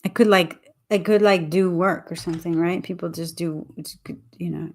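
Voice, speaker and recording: A woman English teacher talks casually on a livestream, her voice on the low side with a level tone and vocal fry. She explains her point thoughtfully and deliberately, with frequent restarts, over slight background noise.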